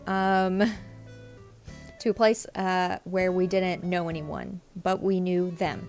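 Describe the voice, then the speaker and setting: A young woman, chatting on her live stream. She is tearful, halting and apologetic, with lots of fillers. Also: fairly low pitch, fairly even intonation, a little mellow, faint music behind. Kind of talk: casual live-stream chat.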